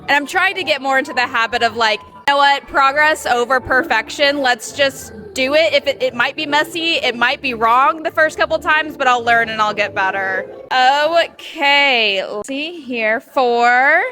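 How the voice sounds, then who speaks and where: Woman, high and bright voice, upbeat, candid, casual chat. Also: moderate pace. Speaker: game night guest.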